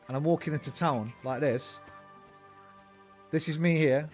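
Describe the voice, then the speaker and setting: A man's voice: on the high side, unhurried, long pauses, darkish tone, soft background music. Profane, chatty man. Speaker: streamer. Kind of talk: casual gameplay commentary.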